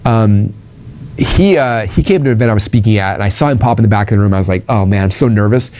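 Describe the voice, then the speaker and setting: A man's voice: on the low side, fast, darkish tone. A man giving an informal sales training talk, rambling with ums and restarts and acting out quoted conversations.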